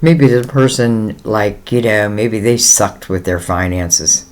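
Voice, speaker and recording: A man's voice: fairly low pitch, slow. A man giving a casual tarot reading, talking in a rambling, conversational way with many fillers and speaking straight to the listener in a reassuring tone. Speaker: tarot reader.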